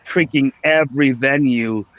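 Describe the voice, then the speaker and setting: A man's voice: medium pitch, measured pace. A man in a band chatting casually on a call, hesitant and full of filler sounds. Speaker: band member, podcast guest. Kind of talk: casual chat. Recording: dull lo-fi call audio.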